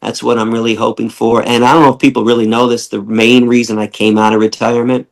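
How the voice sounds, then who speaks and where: Gravelly, passionate man swearing freely. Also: flat delivery, quick pace. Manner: acts out quoted people with big jumps in pitch. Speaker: podcast guest, animal rights activist. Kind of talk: casual interview talk.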